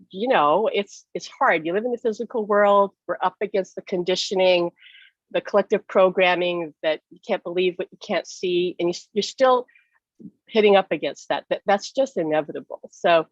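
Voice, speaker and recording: A woman's voice: no room sound, muffled recording. A woman telling an earnest, emotional personal story in a conversation over a video call. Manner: earnest and emotional, pitch leaps up when reliving distress. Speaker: summit speaker.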